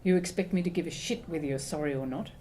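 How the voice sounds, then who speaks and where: A bitter young woman, stuck in a neck brace, snaps out cutting, sarcastic remarks, as a woman reads her part. The voice sits low and dark. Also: fast talker, a little hiss or hum, natural voice.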